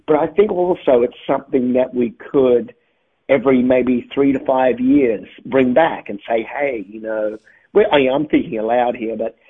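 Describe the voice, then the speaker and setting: A man with an Australian accent softened by years in America, a touring musician rambling easily through a phone interview. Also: medium pitch, moderate pace. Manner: rambling, restarts often, laughs easily. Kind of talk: phone interview, thinking aloud. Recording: tinny phone line, husky.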